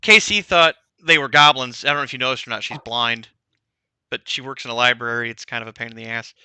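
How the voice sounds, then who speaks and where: A man voicing a rambling old man who tells a long story with halting restarts. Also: mid-range voice, sharp tone, smooth, no room sound, pitched below the performer's own voice.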